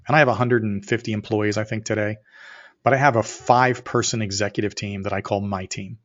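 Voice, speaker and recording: A middle-aged man, an entrepreneur guest on a podcast, telling a story with energy and acting out both sides of the dialogue, sometimes rising to near shouts. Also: on the low side, steady tone, fast talker. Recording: muffled, slightly lo-fi audio.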